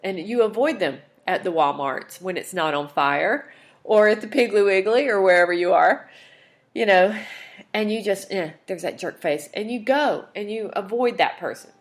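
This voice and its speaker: Woman podcast host with a mid-pitched voice, candid and emotional, rambling personal monologue. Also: moderate pace. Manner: candid, emotional, chatty with fillers and asides.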